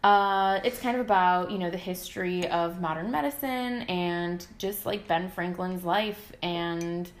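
A woman co-hosting a casual podcast, telling the story in an unhurried, step-by-step way. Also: fairly low pitch. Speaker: podcast co-host. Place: home room with her sisters. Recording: roomy echo.

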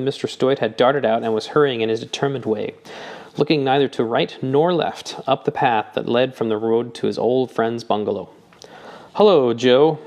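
A man narrating a novel in a measured, even audiobook reading. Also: medium pitch. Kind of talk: scripted narration.

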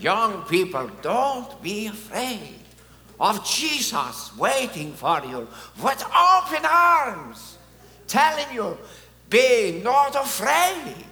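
A man's voice: extremely high pitch, pushed and bright, voice pushed up, exaggerated voice. A man impersonating an old pope. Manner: slow, drawn-out exhortation. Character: elderly pope, solemn and fervent. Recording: echoey hall, faint hum.

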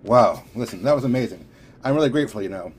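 A man's voice: mid-range voice, lively intonation, fast talker, a little hiss or hum, natural voice. A man voicing a shaken male street crook in an audiobook reading, who talks nervously and stammers.

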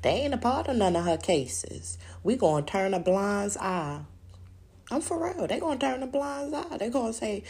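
A woman's voice: mid-range voice, animated, moderate pace, a little mellow. A woman hosting a podcast, talking alone in a rambling, profane, casual way and laughing often. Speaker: podcast host. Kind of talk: casual solo chat.

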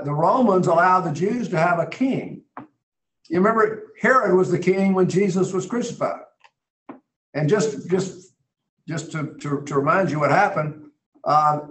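A man teaching a Bible study lesson in a folksy, conversational way, often clearing his throat. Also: high-pitched. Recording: roomy echo.

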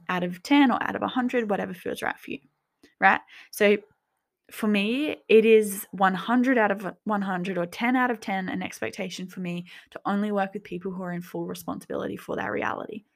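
A young woman hosting a coaching talk, gently guiding listeners through reflective questions. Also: mid-range voice, creaky. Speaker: business coach and podcast host.

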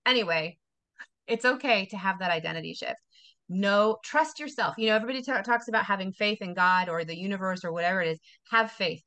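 A woman's voice: medium pitch, quick pace, pushed and bright. Emphatic motivational woman in her forties. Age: 40s. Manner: emphatic, motivational, repeats phrases for effect. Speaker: wellness coach, guest. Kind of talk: casual podcast interview.

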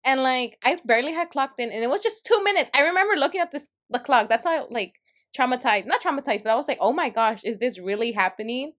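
A woman's voice: high-pitched, fast talker. A young woman co-hosting a podcast, chatting casually and telling a work story with lots of acted-out quotes. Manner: animated storytelling, acts out quoted people. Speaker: podcast co-host. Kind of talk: casual chat.

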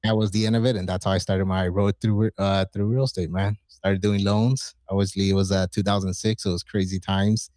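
A man in his forties telling stories in casual, profane chat, acting out quoted lines with excitement. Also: deep voice, fairly quick, few pauses, no echo. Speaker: podcast guest.

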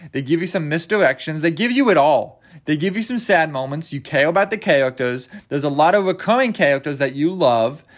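A young man hosting a casual solo podcast, rambling and joking, often tripping over his words. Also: fairly high pitch. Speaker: podcast host.

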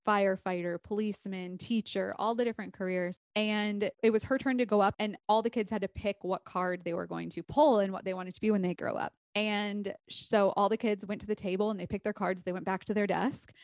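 A woman's voice: medium pitch, no room sound. A woman podcast strategist as a guest, telling a story earnestly and casually.

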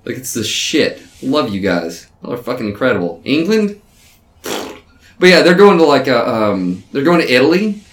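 A man riffing in loud, profane, mocking banter. His pitch swings all over the place as he talks. The room around him is echoey. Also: big pitch swings, moderate pace. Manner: loud, crude, mocking, laughs often. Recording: roomy echo.

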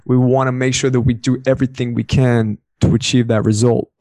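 A man's voice: medium pitch, flat delivery, a little fast, warm tone, dry recording. A young man in casual, rambling conversation as a podcast co-host, swearing freely. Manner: laid-back, rambling, swears often. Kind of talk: casual chat.

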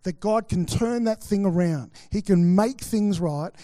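A man's voice: high-pitched, a little slow, dark tone, dry recording. A middle-aged Australian man preaching a sermon, chatty and anecdotal, acting out quotes with many fillers. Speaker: pastor. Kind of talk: sermon with personal stories.

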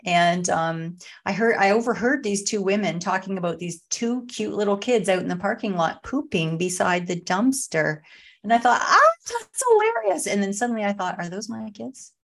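A woman's voice: mid-range voice, normal speed. Middle-aged lady guest spinning funny mom stories, giggly, chatty, plain mid voice. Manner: animated, laughs through her stories. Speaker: podcast guest, author. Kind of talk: casual storytelling chat.

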